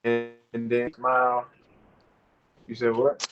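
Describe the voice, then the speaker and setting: A man in his thirties, a basketball player playing overseas, talking casually in an interview over a video call, relaxed and rambling with lots of fillers. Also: medium pitch, takes it slowly, highs cut off, music in the background. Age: 30s.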